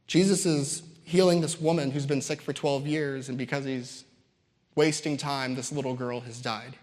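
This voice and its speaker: A man's voice: mid-range voice, steady tone, moderate pace, darkish tone. Emphatic preacher man in a reverberant hall. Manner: emphatic, builds phrases by repetition, casual asides. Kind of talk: sermon.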